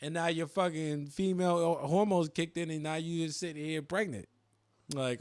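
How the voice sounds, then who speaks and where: Male podcast host, higher-pitched voice, dry close sound, animated and profane, laughs a lot. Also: normal speed, smooth, no room sound. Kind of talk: casual podcast chat.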